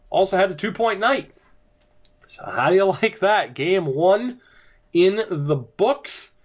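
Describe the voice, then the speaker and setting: A young man commentating his own hockey video game, mostly deadpan and low-key, with sudden bursts of disbelief. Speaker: gaming commentator. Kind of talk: casual let's-play commentary. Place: home room early in the morning.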